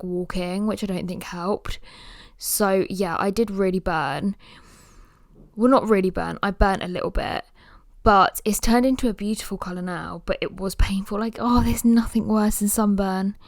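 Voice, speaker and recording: A woman's voice: mid-range voice, no echo. Podcast host, woman in her early 20s: chatty, rambling, tired and yawning, close dry mic. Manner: chatty, rambling, lots of "like" fillers. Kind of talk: casual solo podcast chat.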